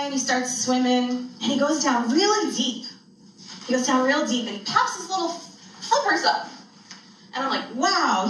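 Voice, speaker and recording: A woman's voice: sits high, a bit bright, a little hiss or hum. A woman telling a funny spiritual story in a chatty style, laughing often between lines. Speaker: spiritual speaker. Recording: very echoey room, distant mic.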